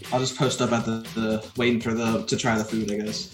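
A man speaking as a player in a tabletop game, brisk and matter-of-fact. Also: lowish voice, level tone, echoey room, faint music behind. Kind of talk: casual tabletop play.

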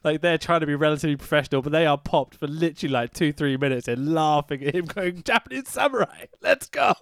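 A man in his thirties co-hosting a podcast, animated and laughing a lot as he swears his way through a story. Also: a little high, fast, smooth, no room sound, clean studio sound. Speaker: podcast co-host. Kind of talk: casual wrestling podcast chat. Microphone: podcast mic.

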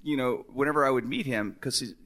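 A man hosting a live comedy talk show, talking excitedly with stammering restarts and frequent laughter. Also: mid-range voice, fast.

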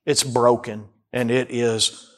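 A man preaching a sermon as a pastor, rising to near-shouts and dropping low as he voices the psalmist's cries. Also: little pitch movement, takes it slowly. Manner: acts out the psalmist's cries in first person.

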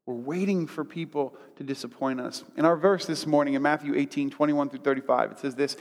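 A man's voice: on the high side, steady tone, brisk, few pauses, long reverb tail. A man preaching as a pastor, telling stories and reading scripture with rising drama, often stumbling and repeating words. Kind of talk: sermon.

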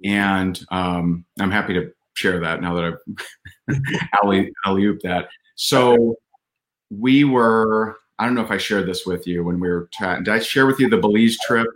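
Male guest, lower register, earnest conversational storyteller, fillers and restarts. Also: normal speed, a bit bright. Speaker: podcast guest. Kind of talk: casual storytelling.

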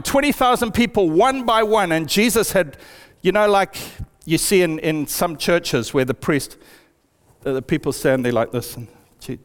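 A man preaching a sermon in an earnest way, slowing down to stress key phrases. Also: long reverb tail. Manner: earnest, with lots of pitch swings and slowed emphasis.

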